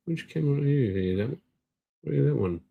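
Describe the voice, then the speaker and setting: A man's voice: mid-range voice, expressive, a little fast, creaky, husky, narrow, tinny audio. An older Australian man, tired, hosting a live stream and rambling casually while greeting viewers. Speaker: livestream host.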